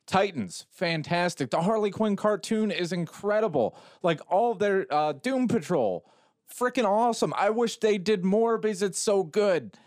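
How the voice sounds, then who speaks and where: Exasperated man, fairly high voice. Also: animated, a little slow, a little mellow, no room sound, clean studio sound. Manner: exasperated, emphatic, trails off mid-sentence. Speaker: podcast co-host. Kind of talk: casual podcast chat.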